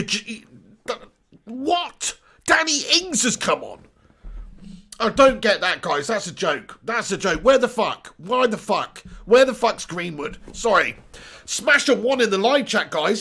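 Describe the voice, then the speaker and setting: A man in his thirties hosts a live football watch-along, his fairly high voice leaping around as he bounces between chat messages and outrage at the substitutions. There is a gravelly edge to it, with cheeky, sweary banter aimed straight at his viewers. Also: big pitch swings, normal speed, bright, forceful tone. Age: 30s. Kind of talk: live-streamed match reaction.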